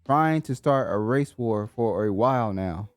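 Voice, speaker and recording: A man's voice: on the low side, expressive, unhurried, dry recording, soft background music. A man co-hosting a casual political podcast, arguing his views bluntly with frequent cursing. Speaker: podcast co-host.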